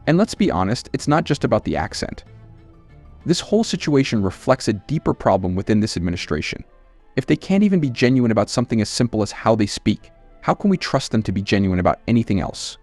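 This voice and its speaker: A man with a fairly low voice reads scripted political commentary as the host of his channel. He sounds scornful and emphatic, pressing each point, with soft music playing under his voice. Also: big pitch swings, quick pace, no room sound.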